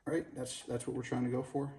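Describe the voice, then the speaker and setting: A man's voice: mid-range voice, little pitch movement, fairly quick, warm tone, slight background noise. A man working on a car and talking through the repair to the camera in a folksy, casual how-to style. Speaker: home mechanic.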